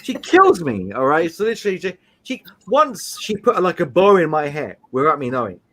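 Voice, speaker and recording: A man with a high, bouncy voice that swings up and down freely. He hosts a live stream and chats casually, rambling through stories and laughing at his own jokes. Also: moderate pace. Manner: animated, rambling storyteller with frequent laughs. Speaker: streamer host.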